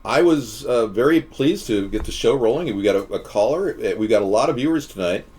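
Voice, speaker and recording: A man hosting a political live stream, talking casually in a rambling, digressive way full of halting restarts. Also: medium pitch, lively intonation, a little mellow. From West Coast of the US.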